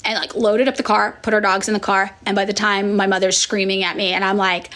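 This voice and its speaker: A woman in casual chat, answering viewer questions as a political influencer, frank and profane, with sighs and fillers, and she acts out other people in sudden high voices. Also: level tone, fairly quick, fairly bright tone. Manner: chatty with many fillers and sighs.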